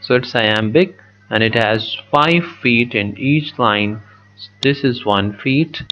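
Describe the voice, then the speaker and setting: A man teaching a poetry lesson, slow and methodical, repeating words as he writes on the screen. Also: mid-range voice, a bit bright, highs cut off, slight background noise. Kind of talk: poetry lesson with a digital pen.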